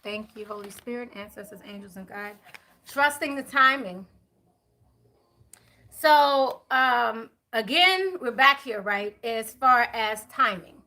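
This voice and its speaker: A woman giving a chatty live tarot reading, talking to viewers and spirits, with many fillers and quick apologies. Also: on the high side, animated, pushed and bright. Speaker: tarot reader.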